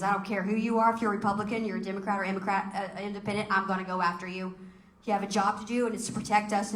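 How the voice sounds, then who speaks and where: A woman's voice: mid-range voice, a bit bright. A woman giving a fiery political speech to a local group, firing off emphatic rhetorical questions. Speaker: political speaker. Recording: echoey room.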